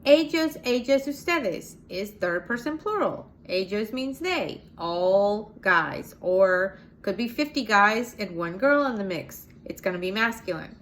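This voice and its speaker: A woman's voice: mid-range voice, animated, a little slow, hardly any pauses, a bit bright. American woman teaching a language lesson. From United States. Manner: explains step by step, spells out letters, models pronunciations. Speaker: Spanish teacher. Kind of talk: casual video lesson.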